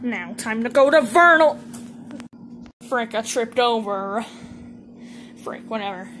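A woman's voice: a little high, lively intonation, takes it slowly, a bit bright, slight background noise. A woman voicing a smug, scheming male villain in an amateur comedy sketch, talking in an offhand, careless way.

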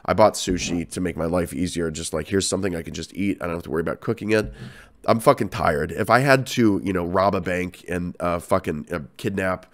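A man with a cold hosts a podcast as a comedian, rambling and swearing through animated, casual ranting commentary. His voice is low and a little fast.

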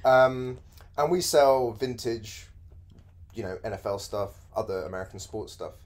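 A man's voice: on the low side, a little slow. A man hosting a podcast, chatting casually and cracking dry jokes with a co-host. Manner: dry joking, laid-back banter. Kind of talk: casual chat.

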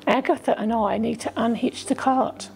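A woman voicing a gentle, reassuring man who put a spell on his horse. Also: on the high side, fairly even intonation, moderate pace, creaky, a little hiss or hum. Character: kindly man who keeps a bewitched horse.

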